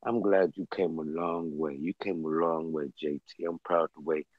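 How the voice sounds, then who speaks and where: A very deep-voiced man chatting as a livestream guest. He talks loosely and off the cuff, and sometimes gets excitable. The sound is dull and lo-fi. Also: moderate pace, dry recording. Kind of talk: casual chat.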